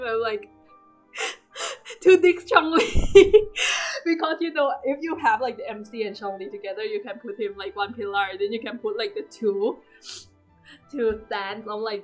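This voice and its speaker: A young woman rambling through casual gameplay commentary, excitable and laughing often. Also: a little high. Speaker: gaming youtuber. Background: game music.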